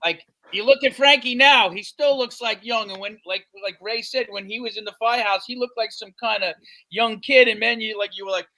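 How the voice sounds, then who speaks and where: A man swaps firehouse stories on a podcast. His voice sits high and sounds bright and sharp. He throws himself into every quote and laughs his way through the punchlines. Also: fairly quick. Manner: animated, acts out quotes loudly, laughs while telling stories. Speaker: retired fire captain, guest. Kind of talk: casual storytelling chat.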